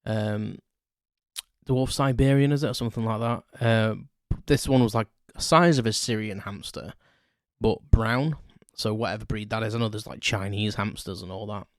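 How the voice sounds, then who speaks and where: A man's voice: fairly low pitch, fairly even intonation, normal speed, no echo, clean studio sound. A man hosting a solo podcast, telling childhood stories in a rambling, self-correcting way with chuckles. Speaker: podcast host. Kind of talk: casual solo storytelling.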